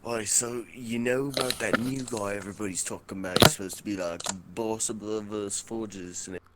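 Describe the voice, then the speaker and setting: Low-voiced casual male player. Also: steady tone, normal speed, very noisy. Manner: casual, slangy. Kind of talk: casual tabletop play.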